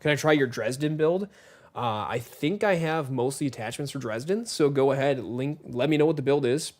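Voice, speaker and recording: A man's voice: medium pitch, a little fast. Chatty male game streamer, rambling. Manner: rambling, chatty, greets viewers by name. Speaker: gaming streamer. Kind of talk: casual live-stream chat while playing.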